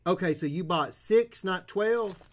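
A man's voice: high-pitched, measured pace. Profane, boisterous man opening cards live. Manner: profane, boisterous, whoops loudly at big pulls. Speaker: card-breaking livestream host. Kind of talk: casual chat while opening trading cards.

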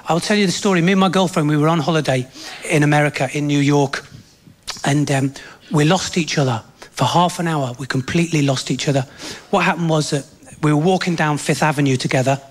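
A man doing a bawdy stand-up routine, breaking into exasperated, high-pitched rants. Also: brisk. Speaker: stand-up comedian. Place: theatre stage with a laughing audience. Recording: live theatre recording with loud audience noise.

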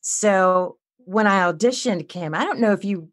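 A woman's voice: medium pitch, measured pace, no echo, studio quality. A woman who works as an audiobook narrator, speaking as a guest in a chatty, self-amused way. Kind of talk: casual interview chat.

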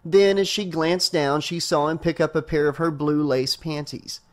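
A man narrating a horror novel as an audiobook reader, with a steady storytelling delivery. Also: a little high, moderate pace.

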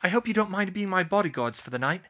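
A man's voice: lively intonation, fast talker, muffled recording. A man voicing a clever, earnest young witch in an audiobook. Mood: eager. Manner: raised pitch, bright and urgent.

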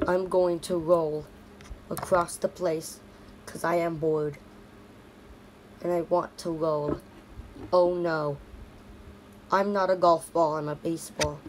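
A woman's voice: sits low, little pitch movement, takes it slowly, long pauses, background noise. A woman narrating a playful toy stop-motion story in repetitive, sing-song toy voices.

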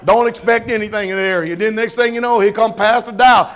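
Man preaching a sabbath sermon, really high voice, folksy and lively, keeps asking the church questions. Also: brisk, hardly any pauses. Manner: folksy, animated, shouts and laughs; questions the congregation.

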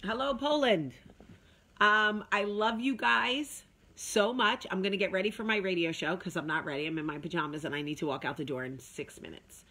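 A woman's voice: medium pitch, moderate pace, pushed and bright, slightly rough. A woman hosting a casual talk video, chatty and emphatic, talking straight to her viewers. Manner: chatty, emphatic, with sung asides. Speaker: vlog host.

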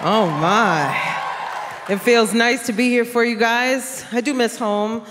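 A woman's voice: fairly high pitch, slow pace, background noise. Brash New woman doing stand-up. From South Bronx, New York. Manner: brash, teasing, puts on characters' voices. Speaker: stand-up comedian. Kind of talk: stand-up comedy set. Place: large theater stage with cheering audience. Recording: live stage sound in a big hall with a loud crowd.

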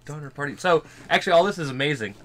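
A man's voice: a little high, animated, very fast, background noise. A man co-hosting a music reaction video, talking loosely and rambling through a late-night chat while wearing a face mask. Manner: loose and rambling, swears casually, fidgety. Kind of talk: casual chat reacting to a song.

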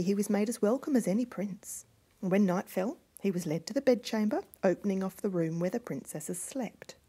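Hushed, husky woman reading a fairy tale. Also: medium pitch. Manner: hushed, often dropping to a whisper. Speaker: storyteller.

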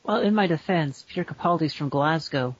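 Chatty man, higher pitch, dry mic. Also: breathy edge, dry recording, muffled recording. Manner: rambling, quick to put on silly voices. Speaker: podcast co-host. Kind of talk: casual chat.

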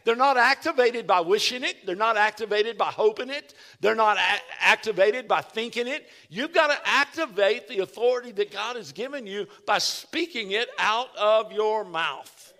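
High-voiced preaching pastor. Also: male voice, normal speed, few pauses, bright, forceful tone. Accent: Texan. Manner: emphatic, calls out to the congregation. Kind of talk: sermon.

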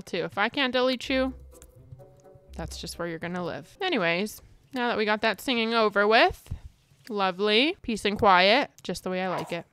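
A woman's voice: medium pitch, fairly bright tone, clear, resonant tone, no room sound. A young woman giving dramatic, exasperated casual commentary while playing a life-sim game. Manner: dramatic, exasperated, mild cursing. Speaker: gaming streamer.

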